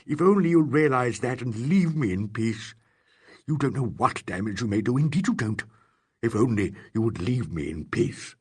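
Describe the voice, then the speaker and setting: A man reading an audiobook, voicing a frightened, furtive suspect who pleads and protests in a husky voice. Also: medium pitch, sing-song, moderate pace, a bit bright. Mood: pleading. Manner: pleading, tearful, indignant outbursts.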